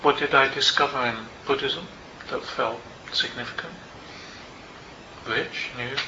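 An older man, a meditation teacher, tells a personal story to a group in a Buddhist centre, in a reflective and unhurried way with small asides. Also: medium pitch, fairly even intonation, background noise. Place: Buddhist centre meeting room. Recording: roomy, slightly dull hall recording.

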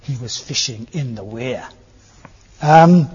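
A man gives a conversational Buddhist teaching talk to a live audience in a meeting hall, often seeking agreement with tag questions like "isn't it?". His voice is on the high side, a little mellow and breathy, with lively intonation at a moderate pace. The recording is dull, lo-fi, and echoey.

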